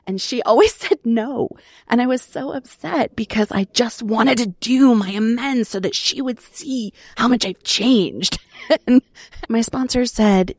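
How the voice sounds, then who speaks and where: A middle-aged woman sharing her recovery story in an earnest, reflective way, with soft laughs between phrases. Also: a little high, measured pace, no echo, clean studio sound. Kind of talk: personal testimony.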